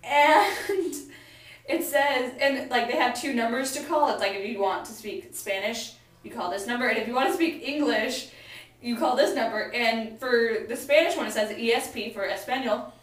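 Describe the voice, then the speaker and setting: A young American woman vlogs to camera in a casual, rambling, giggly way, packing her speech with fillers. Her fairly high voice moves at a moderate pace, recorded from a distance in an echoey room.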